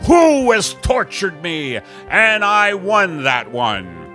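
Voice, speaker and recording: Man as a manic doomsday anchor, slow, bright and gravelly. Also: high-pitched, big pitch swings, soft background music, full character voice. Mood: deadpan manic. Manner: manic, cackling, swings loud and soft. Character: unhinged male newscaster at the end of the world. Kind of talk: improvised comedy bit.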